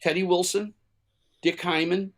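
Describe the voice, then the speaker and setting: A man's voice: high voice, steady tone, measured pace, fairly bright tone. A man from Chicago, a musician guest, telling stories in a casual interview with many fillers and restarts.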